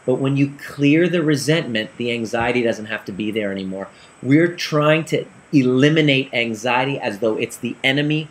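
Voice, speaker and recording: A man telling a client story in an earnest, animated way, acting out the dialogue as he goes. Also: medium pitch, normal speed. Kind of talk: storytelling talk.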